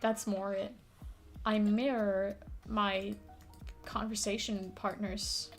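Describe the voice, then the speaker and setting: A woman's voice: mid-range voice, little pitch movement, slow pace, faint music behind. A woman who is not a native English speaker, chatting casually and rambling as a streamer while playing a puzzle game, with lots of fillers, casual swearing and laughter.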